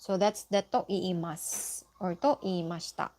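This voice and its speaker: A woman's voice: fairly even intonation, normal speed, dark tone. A woman whose first language is Tagalog, teaching a Japanese lesson online in a patient, explaining way, often checking with "okay?". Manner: lifts her pitch sharply for example sentences.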